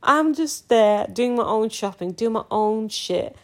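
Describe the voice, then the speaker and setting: A woman's voice: on the high side, animated, unhurried. A young woman hosting her own podcast, talking in an emphatic, exasperated and casual way, often breaking into laughs. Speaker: podcast host.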